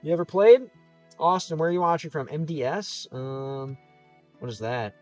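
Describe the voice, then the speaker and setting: A male streamer with a fairly high voice and lively intonation chats casually at a normal speed, reading viewer comments and frequently breaking off mid-sentence to restart. The recording is muffled, and faint game soundtrack music plays.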